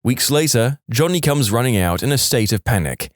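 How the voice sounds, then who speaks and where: A man hosting a podcast, reading jokes aloud in a deadpan way. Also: mid-range voice, moderate pace, few pauses, no echo, clean studio sound. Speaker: podcast host.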